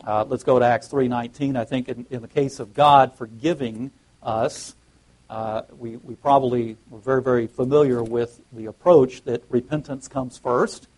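A man's voice: medium pitch, fairly even intonation, moderate pace, darkish tone, low-quality recording. A man preaching a sermon and reading scripture aloud, often restarting his phrases and rising emphatically on key words.

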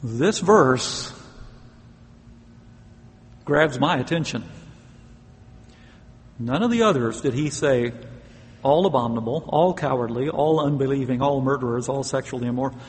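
A man's voice: medium pitch, a little slow, pauses often, long reverb tail. A man preaching a sermon, earnest and emphatic, stressing key words and now and then laughing.

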